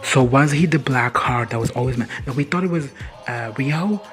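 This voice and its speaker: A man's voice: mid-range voice, moderate pace, fairly bright tone, faint music behind. A man casually recapping a show in a reaction video, rambling, swearing and laughing often.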